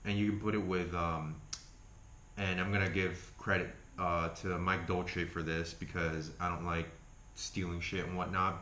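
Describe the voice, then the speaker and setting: A man's voice: deep voice, sharp tone, reverberant, slight background noise. A man with an Argentine accent, chatting casually as a health food vlogger, rambling, swearing freely and correcting himself. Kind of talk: casual chat review.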